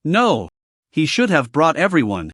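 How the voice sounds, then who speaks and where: A man reading a scripted story recap in a steady narrating voice. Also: a little high, a little slow, no echo, clean studio sound.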